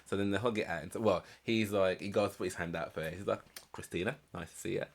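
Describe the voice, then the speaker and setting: A man's voice: low voice, fast. A man hosting a reaction channel, musing aloud in casual commentary with lots of fillers and restarts. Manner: reflective, rambling, many fillers and restarts.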